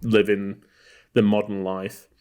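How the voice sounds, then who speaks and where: A man from Texas co-hosting a casual film podcast. His voice sits a little on the low side. He meanders through his points, full of "um" and "like", and keeps restarting his sentences. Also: monotone, takes it slowly, darkish tone, smooth. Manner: rambling, many fillers and restarts. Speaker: podcast co-host.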